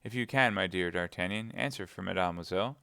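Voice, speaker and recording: A man's voice: deep voice, quick pace, gravelly, pushed and bright, clean tone, dry recording, clean studio sound, exaggerated voice. A man playing a bashful, courteous nobleman.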